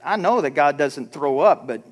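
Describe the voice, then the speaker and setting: A man preaching a sermon as pastor, animated, acting out timid prayers in a hushed voice. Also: fairly high pitch, normal speed. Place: church sanctuary.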